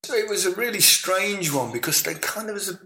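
A man's voice: high voice, expressive, brisk, sharp tone, low-quality recording. A man in his sixties with an English accent, a former footballer as podcast guest, telling chatty stories and laughing along. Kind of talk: relaxed anecdotal storytelling.

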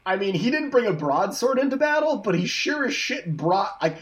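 A man's voice: sits high, normal speed. A man casually telling a history story to his co-hosts, joking and swearing as he goes. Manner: profane, joking, animated storyteller.

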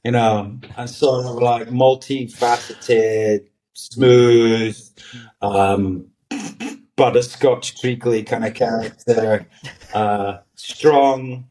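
A man in his forties chats casually as a podcast guest, his voice sitting at an ordinary middle pitch. He rambles and hesitates, restarting his sentences and filling the gaps with ums and uhs. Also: fairly even intonation, takes it slowly, dark tone, slight background noise. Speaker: guest actor.

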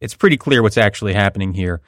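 A podcast host with a voice on the low side and a bit bright talks fast, explaining a court ruling wryly and conversationally. The legal analysis chat is a dry, studio-quality recording.

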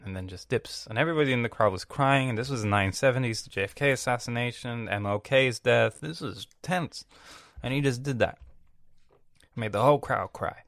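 A 20-year-old man chats in a rambling, profane vlog style, full of slang and restarts, with his breath audible on a close mic. His mid-range voice is creaky and a bit bright, moving fairly quickly. There's no room sound.

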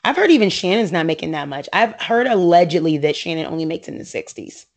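A woman's voice: on the low side, sing-song, quick pace. An American woman chatting casually and opinionatedly about reality TV, laughing often and slipping into voices when she quotes friends.

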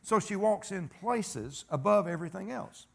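Gravelly preacher, folksy. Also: male voice, sits high, animated, moderate pace. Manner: folksy and emphatic, calls for amens, tells stories. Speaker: pastor. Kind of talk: sermon.

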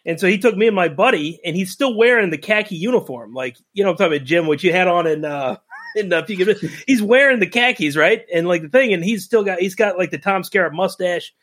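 Middle-aged male co-host, emotional and animated storyteller, voice a bit high. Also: fast. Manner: animated, emotional, acts out quotes. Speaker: podcast co-host. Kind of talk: casual storytelling chat.

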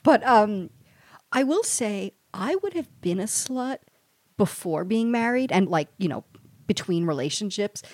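A woman's voice: medium pitch, expressive, a little slow, darkish tone, dry recording. Candid woman podcast co-host, dry sound. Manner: candid, hesitant restarts. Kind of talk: casual chat.

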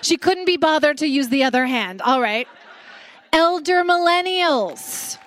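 Brash, high-voiced Canadian woman. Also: lively intonation, a little fast, fairly bright tone. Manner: brash, sarcastic, playful. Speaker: podcast host. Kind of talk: live comedy podcast monologue. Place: stage before a live audience.

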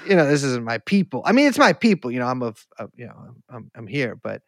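A woman's voice: rumbling low, sing-song, fast talker, no echo, studio quality. Rambling, foul-mouthed woman podcast host. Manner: profane, rambling, bursts into mock accents. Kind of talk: casual comedic chat.

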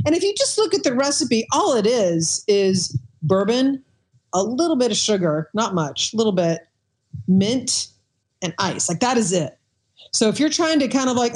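A woman's voice: mid-range voice, normal speed, darkish tone. A woman, a former bartender, chatting on a podcast and telling stories with many fillers and restarts. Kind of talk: casual podcast chat.

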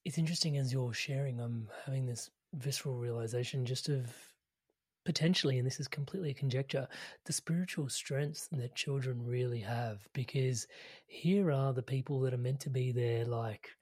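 A man hosting an interview, musing thoughtfully with drawn-out phrasing and self-corrections. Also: medium pitch, darkish tone, slightly rough, no echo. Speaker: podcast host, mentor. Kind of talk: reflective interview chat.

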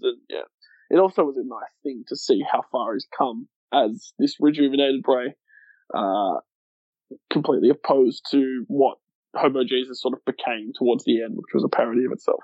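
A man's voice: mid-range voice, moderate pace, dry recording. A man co-hosts a podcast with casual enthusiasm and the odd swear word. The recording sounds dull and dry, as if taken on a modest home mic. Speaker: podcast co-host. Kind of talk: casual wrestling chat.

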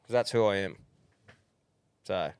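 A man's voice: low-pitched, a little slow, a little mellow, smooth, dry recording. A man with an Australian accent co-hosting a podcast in casual chat, blunt and sweary with matey banter. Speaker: podcast co-host.

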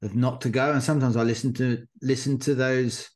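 A man's voice: medium pitch, steady tone, fairly quick, a little mellow. A man hosting a running podcast, telling stories loosely with lots of fillers. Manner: rambling storyteller with many fillers. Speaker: podcast host. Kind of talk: casual chat.

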